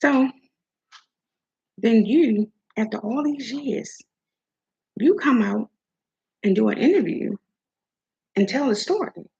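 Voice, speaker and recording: A woman's voice: fairly high pitch, animated, slow pace, creaky, pauses often, a little mellow, husky. An older woman hosting an opinion commentary vlog, sassy and talking straight at the person she criticizes. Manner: sassy, talks straight at her subject. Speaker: host. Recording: dull lo-fi recording.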